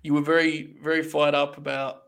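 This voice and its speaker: A man hosting a casual wrestling review podcast, animated and profane, laughing often as he talks. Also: fairly high pitch, moderate pace, vocal fry, clean tone. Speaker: podcast host.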